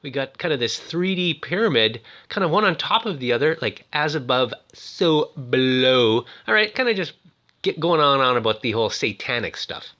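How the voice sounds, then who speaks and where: Animated man with a bright voice. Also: a little high, brisk, highs cut off. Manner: animated, exclaiming, jokey. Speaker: movie reviewer. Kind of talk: casual movie commentary.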